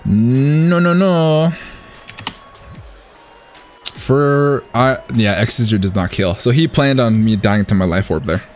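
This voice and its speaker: A man's voice: on the low side, moderate pace, few pauses, faint music behind. A man casually commentating his own competitive match, thinking aloud and cheering his plays. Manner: excitable, thinks aloud, talks to the opponent.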